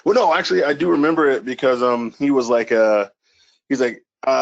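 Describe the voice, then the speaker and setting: Rambling, profane podcast co-host. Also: male voice, mid-range voice, fairly quick, creaky, dull audio. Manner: rambling, profane, recaps with quoted bits. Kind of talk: casual podcast chat.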